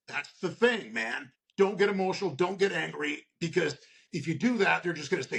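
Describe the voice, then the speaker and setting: Gravelly yet fairly bright, his voice runs on the high side, expressive and a little fast. He's a union shop steward guesting on a laid-back podcast, profane and blunt, with a habit of capping points with "okay?" while acting out workplace situations in quoted voices.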